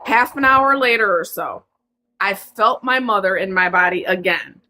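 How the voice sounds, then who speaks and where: A woman calling in to a live show, telling an emotional personal story in a rushed, earnest, apologetic way. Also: medium pitch, bright, forceful tone, slight background noise, poor audio. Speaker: caller.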